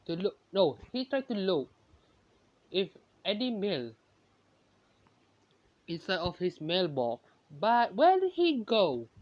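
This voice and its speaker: A woman improvising a fan story aloud, hesitant and often stopping to correct herself mid-sentence. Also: mid-range voice. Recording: dull lo-fi recording.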